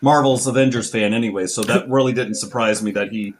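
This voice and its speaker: A man's voice: on the low side, steady tone, fairly quick, slight background noise. Easygoing man chatting about games. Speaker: podcast co-host. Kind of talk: casual chat.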